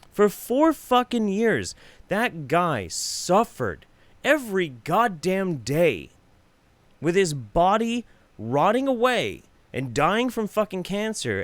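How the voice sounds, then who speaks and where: A man's voice: fairly high pitch, dry recording. A man hosting a live stream, reacting to videos with profane, sarcastic rants and reading out viewer donations. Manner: reads viewer donations aloud.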